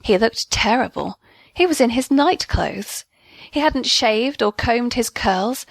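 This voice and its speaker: A woman narrating a first-person audio story as a comic diary, in an indignant, lively storytelling manner. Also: a little high, dry recording.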